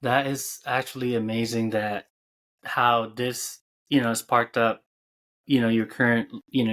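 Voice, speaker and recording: A man hosting a podcast interview who speaks in a soft, halting way, with many fillers. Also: mid-range voice. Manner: soft, halting, full of "you know" fillers. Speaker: podcast host. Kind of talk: casual interview chat.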